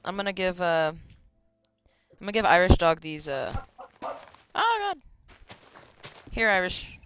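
A woman's voice: fairly low pitch, wildly swooping pitch, takes it slowly, a bit bright, a little hiss or hum. A woman streaming a game, chatting casually with friends and laughing often. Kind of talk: casual gaming chat.

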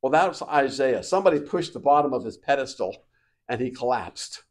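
A male pastor preaching a sermon, swinging between quiet reflective passages and loud, emphatic declarations. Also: mid-range voice, expressive, a little fast. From United States.

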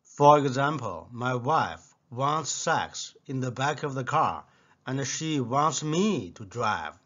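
A man whose first language is Chinese, reading short jokes aloud in a deadpan way. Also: mid-range voice, takes it slowly, muffled recording. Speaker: joke teller. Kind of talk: scripted joke telling.

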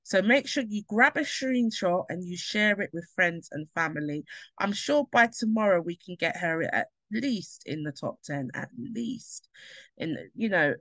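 A woman's voice: fairly low pitch, a bit bright, no echo. A woman hosting an online book launch, upbeat and encouraging as she introduces speakers. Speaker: event host.

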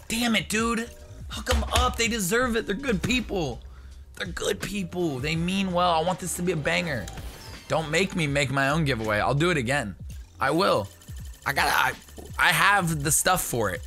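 A young man hosting a gaming video, excitable and jokey, bursting into shouts as he comments. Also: on the high side, moderate pace, soft background music.

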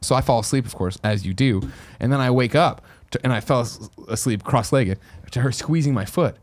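A man's voice: medium pitch, a little fast. A man co-hosting a casual podcast chat, telling rambling anecdotes with plenty of swearing. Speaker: podcast co-host. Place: podcast studio.

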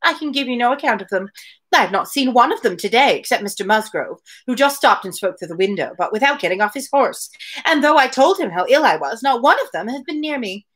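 A woman's voice: fairly high pitch, lively intonation, brisk, a bit bright, voice pushed up. A woman reading aloud and voicing a complaining, self-pitying young married woman. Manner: complaining, plaintive.

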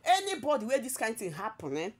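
Nigerian woman, gossip vlogger; emphatic, repeats herself, quick to laugh. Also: a little high, very animated. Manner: emphatic and repetitive, often laughing. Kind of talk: casual gossip commentary.

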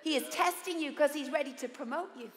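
A woman pastor preaching a sermon, lively and humorous, acting out the voices she quotes. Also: high-pitched, fairly quick. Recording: echoey hall with long reverb.

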